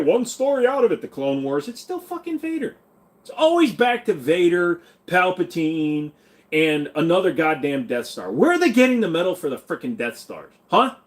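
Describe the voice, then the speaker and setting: Animated, irreverent male livestream host. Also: on the high side. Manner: blunt, irreverent, riffs on viewer comments with silly voices. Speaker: livestream host reading chat. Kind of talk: casual livestream chat.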